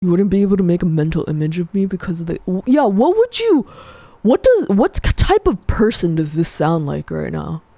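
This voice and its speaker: A woman streamer putting on a deeper, calmer voice in casual live stream chat, talking slowly and hesitantly and trailing off. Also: gravelly, no echo, exaggerated voice. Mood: earnest. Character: deeper-voiced young woman, calm and low.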